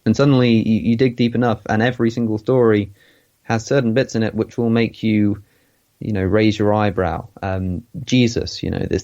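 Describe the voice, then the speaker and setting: A man with an English accent, a guest in a casual interview, talking thoughtfully and pausing often with ums. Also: on the low side, dark tone, highs cut off.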